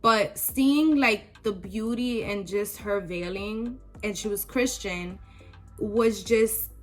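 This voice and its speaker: A woman's voice: medium pitch, slow pace, faint music behind. A young woman vlogger telling a personal story in casual, emotional talk with many fillers.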